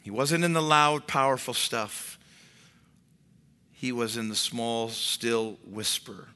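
A man preaching a sermon as a pastor, animated and expressive, sometimes dropping to a whisper to make a point. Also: medium pitch, takes it slowly, clear, resonant tone, big-room sound.

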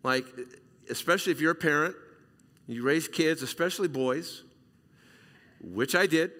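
A middle-aged male pastor from Southern California preaching a sermon, emphatic and repetitive, swinging between loud and hushed. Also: a little high, moderate pace, pauses often. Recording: reverberant hall sound.

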